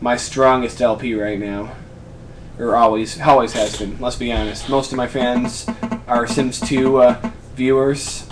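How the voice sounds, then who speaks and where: A man's voice: medium pitch, slight background noise. A man in his twenties answering viewers' questions in a casual vlog, chatty and rambling, often stopping to correct himself. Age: 20s. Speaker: YouTube creator answering fan questions. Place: apartment room.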